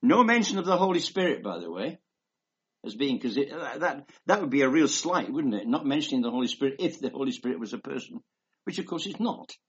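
A man's voice: medium pitch, sing-song, brisk, husky. A man giving a rambling, emphatic conversational sermon, reading scripture aloud between asides. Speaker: preacher. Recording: dull lo-fi recording.

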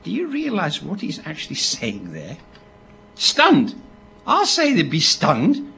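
A man, preaching a sermon in an animated storytelling way, with asides to the people listening. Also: on the high side, slow, gravelly, slight background noise. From Britain. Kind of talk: sermon to a live audience.

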